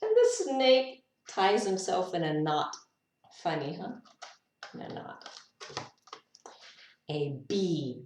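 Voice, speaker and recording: Slow and a little mellow, her lowish voice stays animated while long pauses stretch between lines. The English teacher playfully voices animals as she reads to kids, unrehearsed and laughing with musing asides, recorded from afar in a roomy echo.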